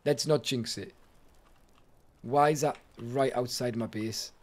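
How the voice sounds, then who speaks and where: A man's voice: medium pitch, takes it slowly, a little mellow. A man giving casual, jokey let's-play commentary, talking to himself and to chat as he plays. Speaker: gaming streamer.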